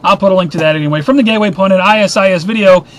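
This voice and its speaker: A man's voice: high voice, rapid-fire. A middle-aged man hosting a casual weekly news roundup, reading headlines and adding sarcastic, opinionated asides. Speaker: news briefing host.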